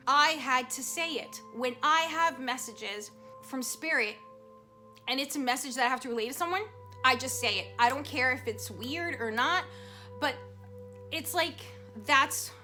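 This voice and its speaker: A woman casually telling a personal story to camera as a psychic vlogger, animated and emotional, with many fillers. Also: high-pitched. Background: soft background music.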